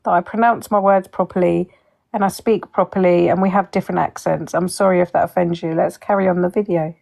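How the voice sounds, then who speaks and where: A woman's voice: fairly low pitch, steady tone, a little fast, creaky, darkish tone, low-quality recording. A woman with a southern English accent hosting a commentary video, speaking precisely and in a clipped, defensive tone. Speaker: commentary host.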